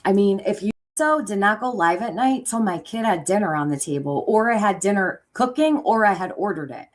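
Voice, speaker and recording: A woman's voice: medium pitch, lively intonation, a little fast. A middle-aged woman hosting a reaction commentary, speaking bluntly and angrily with lots of swearing and sarcastic quoting. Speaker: commentary channel host.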